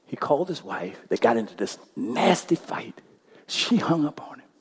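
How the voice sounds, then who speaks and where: A male pastor telling a story during a sermon, impassioned, swinging between loud bursts and hushed passages. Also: medium pitch, sing-song, normal speed, breathy edge.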